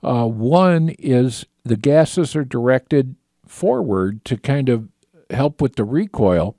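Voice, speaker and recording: A man talks on his call-in radio show in a mellow, darker voice, close and dry on the mic. He rambles casually and easily, full of ums and restarts. He sounds like a relaxed regular behind the desk. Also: medium pitch, slow, dry recording. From Michigan. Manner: casual, chatty, many fillers and restarts.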